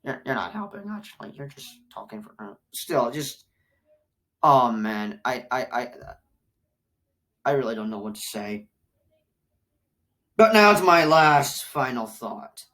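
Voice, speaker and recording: A woman with a notably low-pitched voice talks through a film review in a loose, casual way. She rambles and circles back to the same points over and over. Her level keeps jumping between loud excited outbursts and quiet, low mutters.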